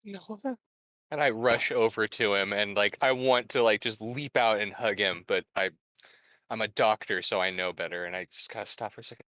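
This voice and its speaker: A man's voice: fairly low pitch, fairly even intonation, fairly quick, pushed and bright, no room sound. A man casually playing a tabletop game, rambling and apologetic. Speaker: player.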